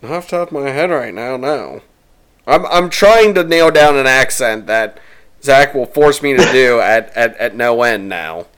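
Man co-host, mid pitch, very animated, teasing banter. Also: a little slow, clear, resonant tone. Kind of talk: casual chat.

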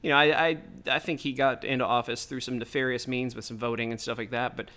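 A man's voice: medium pitch, flat delivery, fast talker, sharp tone. A man hosting his own podcast, delivering a heated, profane, rambling political rant straight into the mic. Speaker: podcast host.

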